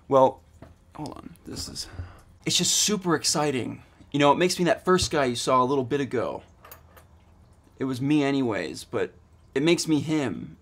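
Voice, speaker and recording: A man in his twenties vlogging casually, rambling eagerly with lots of fillers and restarts. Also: medium pitch. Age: 20s. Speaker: student vlogger. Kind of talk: casual vlog.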